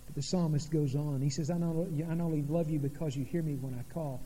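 Brief: male pastor, high voice, dramatic sermon delivery, long church reverb. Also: fairly even intonation, dark tone, a little hiss or hum. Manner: dramatic preaching, pauses and sudden drops in volume. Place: church sanctuary.

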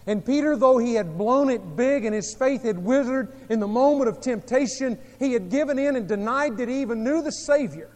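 High-voiced preacher in a reverberant hall. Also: male voice, lively intonation, brisk, hardly any pauses. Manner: dramatic storytelling with sharp swings in volume. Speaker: pastor. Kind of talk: sermon.

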